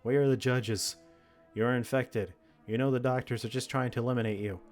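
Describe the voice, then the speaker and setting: A man reading the lines of a cold, judging entity made of many hands, in slow, solemn pronouncements. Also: medium pitch, fairly even intonation, soft background music, close to an everyday voice.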